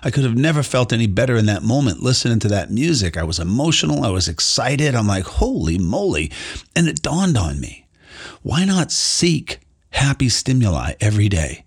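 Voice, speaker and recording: A man's voice: mid-range voice, big pitch swings, brisk, slightly rough. A middle-aged man hosting his podcast, giving an earnest, emphatic motivational monologue in a conversational way. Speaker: podcast host.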